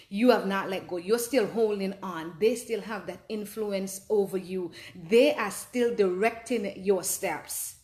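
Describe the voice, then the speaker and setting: A woman's voice: medium pitch, unhurried, hardly any pauses, darkish tone, reverberant. A woman hosting a personal advice talk, telling her own story earnestly and with animation. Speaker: host.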